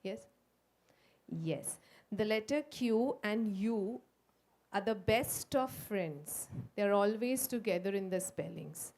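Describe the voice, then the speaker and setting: A woman with an Indian English accent leading a phonics workshop for teachers, slowly sounding out letters in a coaxing, sing-song way. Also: mid-range voice, darkish tone. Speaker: teacher trainer. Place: school workshop room.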